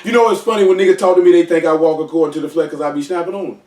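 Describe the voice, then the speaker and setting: Man, casual Bible teaching, slangy and animated, somewhat high voice, echoey room, distant mic. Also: rapid-fire, few pauses. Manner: slangy, animated, joking asides. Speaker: teacher leading a Bible study.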